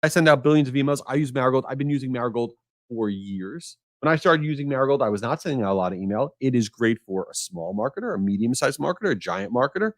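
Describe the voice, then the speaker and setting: A man hosting a solo podcast, talking energetically in a jokey, animated way with strong opinions. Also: medium pitch, fast talker, dry recording, studio quality. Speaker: podcast host.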